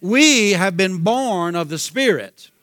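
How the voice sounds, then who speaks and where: A man with a Southern US accent preaches with fervor, circling back over his points and calling out hallelujah. His voice sits high and bright. The sound is close and dry, with no room echo. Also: lively intonation, takes it slowly. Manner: fervent, repeats himself, calls out hallelujah. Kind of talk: sermon.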